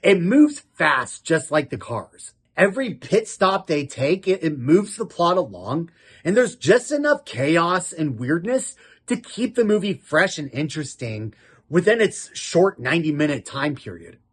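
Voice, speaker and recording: A man's voice: fairly high pitch, sing-song, a little slow, breathy edge. A man hosting a casual film review show, talking in a giggly, self-mocking way and often breaking into laughter.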